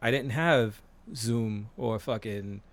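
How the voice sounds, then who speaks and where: A man's voice: fairly low pitch, slow. Rambling, profane man in his forties. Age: 40s. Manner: rambling, profane, with many fillers. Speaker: podcast co-host. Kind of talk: casual chat.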